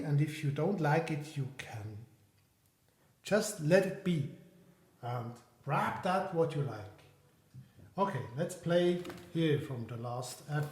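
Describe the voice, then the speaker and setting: A slightly high-voiced man explains piano practice in a reflective, soft-spoken way, thinking aloud as he goes. His voice rings in an echoey room, with a piano sounding in between. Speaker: piano teacher.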